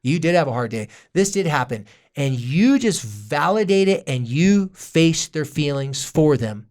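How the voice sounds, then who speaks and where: A man co-hosting a parenting podcast in casual chat, talking in a lively way and acting out what parents and kids say, with jokey asides. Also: on the high side, unhurried. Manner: animated, acts out parents and kids in quoted voices. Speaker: podcast co-host, parenting therapist.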